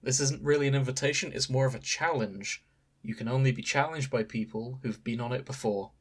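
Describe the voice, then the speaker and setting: A man co-hosting a chatty podcast. He sits at a middling pitch and talks through a story with dry, wry asides. The delivery is relaxed and conversational. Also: brisk, slightly rough. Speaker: podcast co-host. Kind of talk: casual chat.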